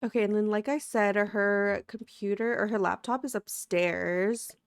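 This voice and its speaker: A woman's voice: mid-range voice, steady tone, a little slow, clear, resonant tone, no echo. Woman gaming host, sleepy and under the weather, giggly chatter, dry close mic. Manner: chatty, giggly, talks to viewers. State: sleepy and sick. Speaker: let's play host. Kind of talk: casual gameplay commentary.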